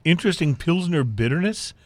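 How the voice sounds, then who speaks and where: A man's voice: on the high side, lively intonation, fairly quick, dry recording. Rambling man co-hosting a beer show. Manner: rambling, self-deprecating, many fillers. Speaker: co-host of a beer talk show. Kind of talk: casual chat.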